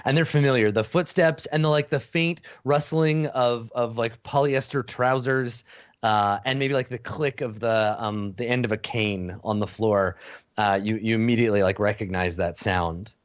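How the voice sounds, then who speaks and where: A man narrating a tabletop game as game master, halting, with many fillers and restarts. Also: medium pitch, fairly even intonation, clear, resonant tone, dry recording. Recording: dull lo-fi dry audio.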